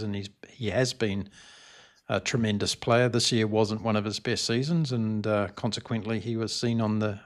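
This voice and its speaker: A man hosting a podcast interview, asking questions in a steady, measured way and giving short affirmations while the guest talks. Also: on the low side. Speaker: podcast host.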